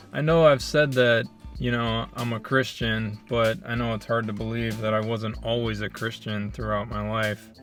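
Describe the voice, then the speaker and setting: A man from Michigan hosting a casual food review, talking in a relaxed, thoughtful way with plenty of ums. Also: mid-range voice. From Flint, Michigan.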